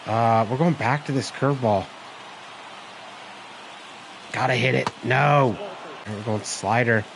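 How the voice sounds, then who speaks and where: A young man giving live, excitable commentary over his baseball video game, groaning and cheering at each pitch. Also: takes it slowly, vocal fry, a little hiss or hum. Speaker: gaming channel host.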